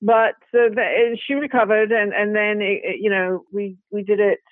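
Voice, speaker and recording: A woman's voice: medium pitch, level tone, normal speed, no room sound. A British woman, a guest actress, talking in a chatty, rambling way with frequent "you know"s, restarts and laughter. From Britain. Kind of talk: casual interview chat. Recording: dry, tinny phone-like call audio.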